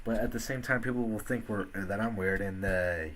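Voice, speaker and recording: A man's voice: on the low side, moderate pace, a bit bright, a little hiss or hum. A young man hosting a casual podcast, rambling with lots of fillers and restarts on a home computer mic. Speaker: podcast host.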